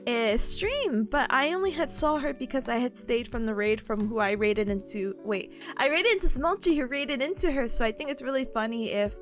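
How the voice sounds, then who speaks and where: A woman streamer chatting casually with her viewers, bubbly and giggly, full of fillers. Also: a little high. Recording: faint music behind voice. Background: faint background music.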